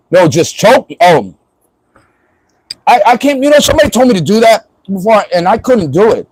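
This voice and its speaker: High-voiced joking man streaming live. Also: very animated, normal speed, a little mellow, husky, rough recording. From Florida. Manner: joking, rambling, laughs often. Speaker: livestreamer. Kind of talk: casual livestream chat.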